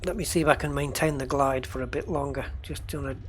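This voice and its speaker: A man's voice: mid-range voice, steady tone, fast, slight background noise. A man giving casual gameplay commentary, chatty, talking to himself and the game and chuckling often. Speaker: gamer narrating his play.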